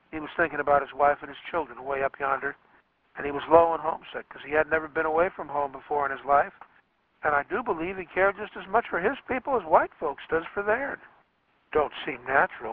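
A man reading as a plainspoken rural boy narrator in a Southern US rural dialect, with measured, folksy delivery. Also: on the high side, natural voice. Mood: plain. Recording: dry, tinny phone-like radio sound.

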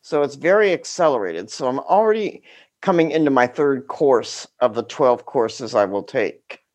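A middle-aged woman telling a story about her teaching days, with a deliberate, dramatic delivery and wry humor. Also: a bass voice, animated, a little mellow, no echo.

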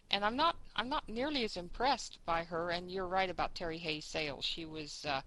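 A woman's voice: fairly low pitch, bright, forceful tone, poor audio. A woman in a casual group chat, talking in a chatty, rambling way with fillers as she reminisces. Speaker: book discussion group member.

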